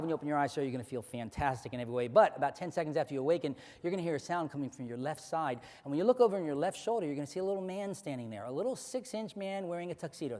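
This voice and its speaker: A man working as a stage hypnotist, giving rapid, repetitive suggestions and playfully commanding volunteers in front of an audience. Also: fairly high pitch, a little mellow. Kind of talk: live hypnosis stage show. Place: large hall before an audience. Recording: echoey hall, live stage.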